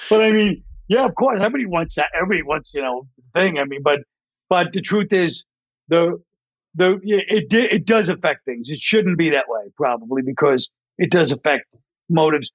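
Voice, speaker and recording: On a close studio podcast mic that sounds dry and a touch dull, a fairly high-voiced, slightly rough male comedian rambles through comedy stories. As a guest in a casual interview, he tells them animatedly, slipping into character voices along the way.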